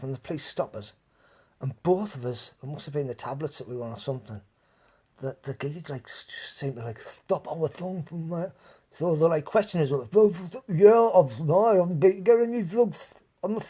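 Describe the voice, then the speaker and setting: A man with a voice on the high side, darkish and slightly rough, hosts a live stream. He tells rambling stories to his chat casually, laughing often and swearing freely.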